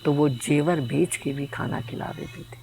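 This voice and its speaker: An old man in his eighties recalls his family history at a very fast pace. His voice is gravelly and a little high. Faint noise sits behind him. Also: a little mellow. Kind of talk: personal recollection.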